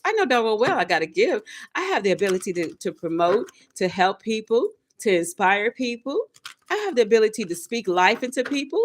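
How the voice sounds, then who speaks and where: A woman's voice: on the high side, very animated, fairly quick, a little hiss or hum. Woman tarot reader, preachy affirmations, repeats herself for emphasis. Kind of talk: motivational self-talk monologue.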